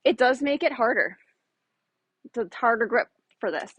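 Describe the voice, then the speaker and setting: A woman's voice: a little high, animated, normal speed, a bit bright, husky, no echo. A woman fitness instructor in her thirties, demonstrating exercises casually with lots of fillers, slightly out of breath. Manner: casual, explanatory, many fillers.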